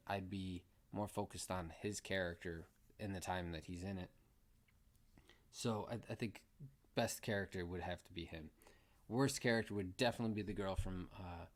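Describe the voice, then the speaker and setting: A man giving a casual movie review, blunt and exasperated, ranting with frequent restarts. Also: on the low side.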